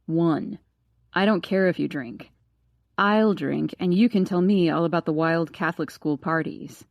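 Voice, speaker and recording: A woman's voice: lowish voice, measured pace, no room sound, lo-fi sound. A woman reading an audiobook, voicing a gossipy, theatrical teenage boy who teases his friend. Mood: teasing. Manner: teasing, dramatic, wheedling. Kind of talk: audiobook character voice.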